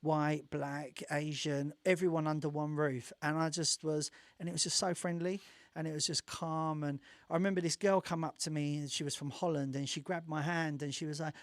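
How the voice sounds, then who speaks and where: A man being interviewed on a radio show, telling rambling stories with restarts and acting out quotes in a lively way. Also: normal speed, no echo. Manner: animated, acts out quotes with big jumps in pitch and volume; rambling with frequent restarts and laughter. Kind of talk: casual radio interview storytelling.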